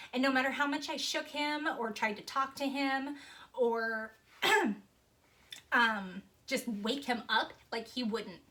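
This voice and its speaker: A woman vlogger telling a personal ghost story in a casual, animated, rambling way, full of "like" and restarts. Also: high voice.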